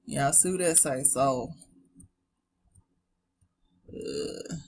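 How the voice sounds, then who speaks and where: Woman, Southern US accent, slow unhurried pace, reading dictionary entries, casual asides to viewers. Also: extremely low pitch, big pitch swings, a little mellow. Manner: chatty, talks straight to viewers as "y'all". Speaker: online Bible etymology presenter.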